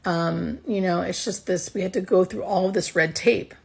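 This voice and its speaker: A woman's voice: on the low side, fairly even intonation, normal speed, gravelly, a little mellow, slightly rough. A woman who works as a hospice nurse, earnestly telling a personal work story in a casual way, close to tears.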